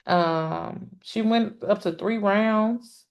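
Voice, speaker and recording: The trial commentary host here is a woman whose voice is medium-pitched and gravelly, and the audio sounds dull. On her casual live stream about a court case she chats and exclaims straight to viewers, often breaking off with "um" to begin again.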